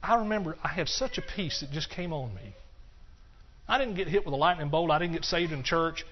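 An older man giving a personal testimony sermon, earnest and repetitive, dropping to hushed stretches and rising into passionate bursts. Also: fairly high pitch, expressive, a little fast, a little hiss or hum. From Texas. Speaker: preacher. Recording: dull lo-fi recording.

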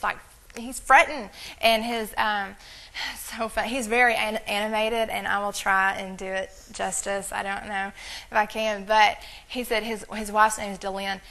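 Woman preacher, slightly high gravelly voice, chatty animated storytelling sermon. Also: rough recording. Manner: animated, rambling, quick asides. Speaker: church speaker.

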